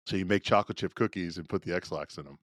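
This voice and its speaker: A man's voice: deep voice, racing, dry recording. A man co-hosting a casual podcast chat, telling a crude anecdote and acting out the quoted voices. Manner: storyteller, acts out quotes in a raised voice; frequent restarts, crude jokes. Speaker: podcast co-host.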